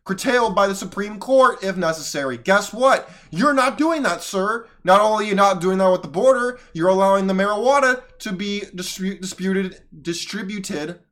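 A man with a high, light voice hosts a solo commentary show. He talks with heavy sarcasm and stops clips again and again to argue back at them. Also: moderate pace, few pauses, fairly bright tone. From United States. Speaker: podcast host.

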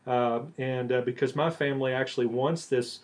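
A man co-hosting a podcast in a loose, joking way. He rambles with lots of "uh"s, drops teasing jabs, and his voice sits at an ordinary middle pitch. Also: fairly even intonation, normal speed. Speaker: podcast co-host and church replanting author. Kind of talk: casual podcast chat.

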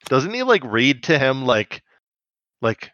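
Brief: bright, sharp-toned male co-host, playful banter, lo-fi dry sound. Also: mid-range voice, takes it slowly. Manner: joking, animated, many fillers. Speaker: podcast co-host. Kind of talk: casual chat.

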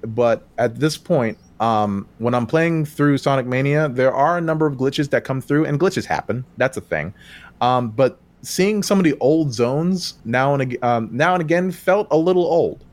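A man co-hosting a podcast, talking about video games in a casual, animated way, laughing often and breaking into loud outbursts when he quotes himself. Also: mid-range voice, moderate pace. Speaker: podcast co-host. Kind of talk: casual game talk.

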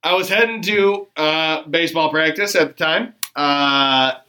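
A man telling a funny story in a casual chat, animated and laughing, swearing freely. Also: a little high, unhurried.

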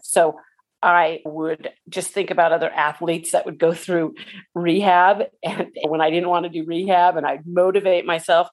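A woman in her forties, a pickleball player, telling a personal story in an emotional, halting way with many restarts. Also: on the low side, steady tone.

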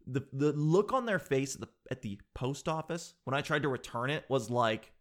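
A man's voice: mid-range voice, lively intonation, normal speed. Rambling sarcastic guy. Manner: rambling, sarcastic, laughs at own jokes, says "dude" a lot. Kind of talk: comedic storytelling monologue.

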